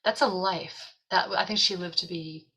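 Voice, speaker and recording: A woman's voice: fairly low pitch, moderate pace, breathy edge, rough recording. A woman in casual chat, telling a story and acting out the voices of people in it. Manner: animated storyteller, acts out quoted voices.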